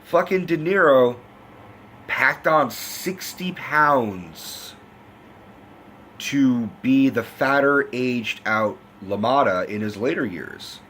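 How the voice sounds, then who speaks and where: A man from the United States giving a loud, profane, rambling movie review in a casual rant. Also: medium pitch, animated, slow, slight background noise. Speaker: film reviewer.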